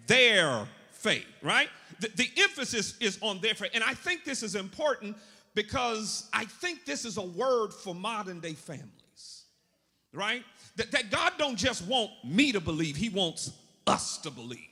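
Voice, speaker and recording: A man preaching with a high, bright voice that swings widely in pitch. He calls out lines for the congregation to repeat back. His voice rings with the long reverb of a church hall. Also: normal speed. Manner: animated call-and-response preaching. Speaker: pastor. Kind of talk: sermon. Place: church sanctuary.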